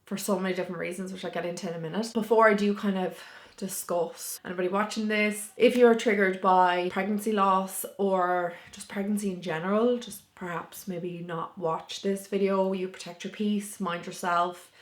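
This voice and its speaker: A woman's voice: medium pitch, fairly even intonation, normal speed. A woman vlogger talking candidly and casually to camera, with lots of filler words. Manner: candid and chatty, with many "like" fillers. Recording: roomy echo.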